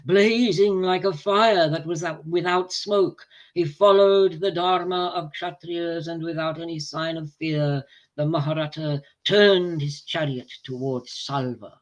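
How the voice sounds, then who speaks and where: A man reading an ancient epic aloud to a group. He reads in a measured, deliberate way and pauses between phrases. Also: a little high, steady tone. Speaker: reader of scripture to a group.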